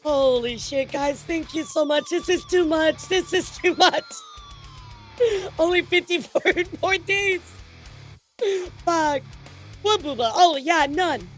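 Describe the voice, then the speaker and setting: A very high-pitched woman talking to her livestream chat. She is excitable and laughs often, swears freely and stammers into repeated words. Faint music plays underneath her. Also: takes it slowly, long pauses, poor audio. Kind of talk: casual livestream chat with viewers.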